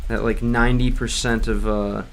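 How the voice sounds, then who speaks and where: A man's voice: medium pitch, flat delivery, moderate pace, gravelly, fairly bright tone, slight background noise. Casual man chatting on a livestream. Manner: rambling with many restarts and fillers; clumsy Russian read aloud in a learner's voice. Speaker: streamer learning Russian. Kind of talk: casual livestream chat reading comments.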